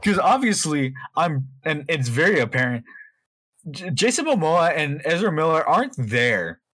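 A man's voice: a little high, sing-song, normal speed, a bit bright, slightly rough, no room sound. A man co-hosting a podcast, chatting casually, rambling with lots of fillers and swearing freely. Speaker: podcast co-host. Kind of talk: casual chat.

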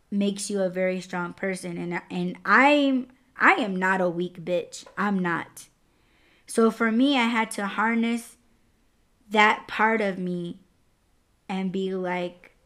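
A young adult woman hosting a podcast, telling a personal story in a candid, profane, casual way. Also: medium pitch. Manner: candid and profane, lively swings in loudness. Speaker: podcast host.

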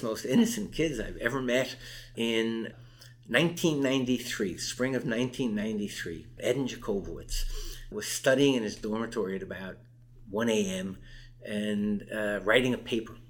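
A man's voice: lowish voice, moderate pace, a bit bright. Emphatic older man telling a story. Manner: storytelling, emphatic, acts out quoted exchanges. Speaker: interview guest. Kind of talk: recounting a campus case in conversation.

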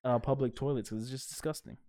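Speaking quickly at a medium pitch, a man co-hosting a podcast recounts a story. The chat is casual and full of swearing, and he's lively, laughing as he tells it.

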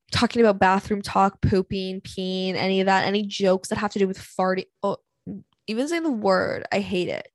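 A woman's voice: medium pitch, normal speed, no room sound. A young woman hosting a solo podcast, ranting bluntly and dramatically about dating pet peeves, swearing freely and sighing often. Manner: blunt, profane and dramatic, with frequent sighs. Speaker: podcast host. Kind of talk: candid solo podcast rant.

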